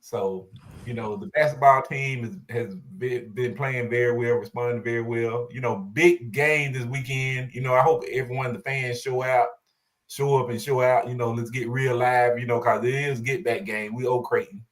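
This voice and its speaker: A man talking sports on a panel, relaxed and rambling with many filler phrases. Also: medium pitch, moderate pace. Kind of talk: casual sports chat.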